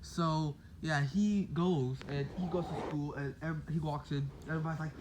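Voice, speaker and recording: A man's voice: a little high, fairly even intonation, normal speed, background noise. A man casually telling a made-up fan story, rambling with lots of "like" and "basically".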